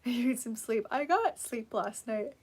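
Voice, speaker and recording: A woman's voice: fairly high pitch, expressive, a little slow, darkish tone, husky. A woman hosting a casual live stream who reads out viewer comments, encouraging and laughing often, sleepy and yawning.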